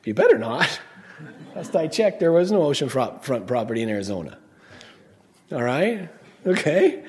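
A man's voice: on the high side, sing-song, normal speed, darkish tone. A middle-aged man preaching a sermon, emphatic, often asking the congregation questions and answering them. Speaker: pastor.

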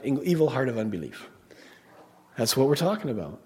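A man's voice: mid-range voice, wildly swooping pitch, fairly quick, long pauses, dark tone. A middle-aged man preaching a sermon, emphatic, often asking the congregation questions and answering them. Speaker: pastor.

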